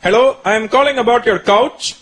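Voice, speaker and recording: A man's voice: very high-pitched, normal speed. A man doing an indignant immigrant dad. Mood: insistent. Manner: outraged, loud, scolding. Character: strict immigrant Indian father, older, indignant. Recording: live show with loud crowd laughter.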